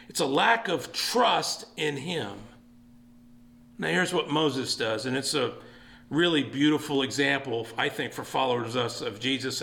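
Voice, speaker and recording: Male pastor, fairly high voice, earnest sermon, building to emphatic calls. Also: vocal fry, pushed and bright. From East Texas. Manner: earnest, rising to emphatic exhortation.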